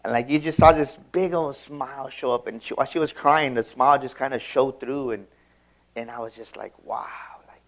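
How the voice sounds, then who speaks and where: A man's voice: mid-range voice, fairly even intonation, brisk. A man giving a motivational seminar talk, telling a personal story with emphatic delivery and frequent repeated words and restarts. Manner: emphatic, acts out quoted dialogue. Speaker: motivational speaker.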